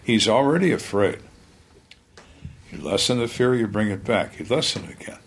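A man's voice: fairly low pitch, lively intonation, normal speed, long pauses, slight background noise. An older man, a retired homicide detective, telling stories in an interview with dry emphasis and acting out the people in them. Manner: dry, emphatic storyteller who acts out suspects' lines. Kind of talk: storytelling in conversation.

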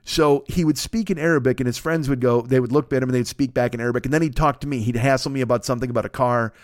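A podcast host spins a funny anecdote at a brisk clip, his voice in the middle for a man. He talks in loose, crude slang, and the sound is dry and close with little room to it. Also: medium pitch, no echo. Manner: rapid, animated anecdote with acted quotes. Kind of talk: comedic storytelling.

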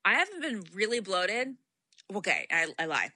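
A woman's voice: mid-range voice, huge pitch swings, normal speed, sharp tone, no room sound, studio quality. A young adult woman co-hosting a podcast, telling stories casually with frequent laughs and lots of "like". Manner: chatty storyteller, laughs often, lots of "like". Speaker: podcast co-host. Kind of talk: casual chat.

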